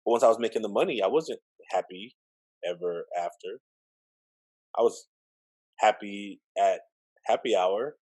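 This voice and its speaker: A middle-aged man telling his life story in a relaxed interview, acting out the voices of the people he quotes. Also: fairly low pitch, unhurried, long pauses, rough recording. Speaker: interview guest, educator. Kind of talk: storytelling in conversation.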